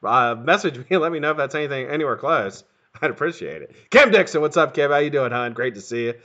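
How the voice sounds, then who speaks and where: A man's voice: mid-range voice, fast. A middle-aged man hosting a casual live stream, greeting viewers one by one and swearing freely. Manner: lively, profane, greets viewers one after another. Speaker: livestream host. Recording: dull lo-fi stream audio.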